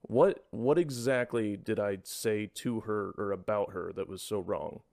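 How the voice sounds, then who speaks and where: Brief: low, gravelly man hosting a podcast, dry sarcastic delivery. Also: measured pace, no echo. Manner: deadpan, sarcastic. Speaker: podcast host. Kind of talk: casual podcast chat.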